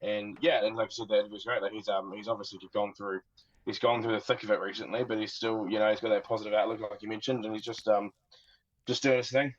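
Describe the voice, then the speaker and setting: A man's voice: lowish voice, little pitch movement, fast. A man, a podcast producer, speaking in an easygoing, hesitant way with fillers and reading letters aloud. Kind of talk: casual chat and reading letters. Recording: dull lo-fi sound.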